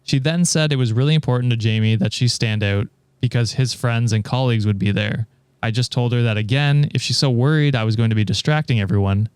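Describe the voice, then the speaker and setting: A man with a smooth, clear voice reads a story aloud on a podcast. The sound is close and dry, and he holds a steady reading pace. In the banter between passages he laughs easily. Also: mid-range voice, no room sound. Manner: steady reader, laughs often between remarks. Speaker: podcast host reading stories. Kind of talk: reading aloud and casual chat.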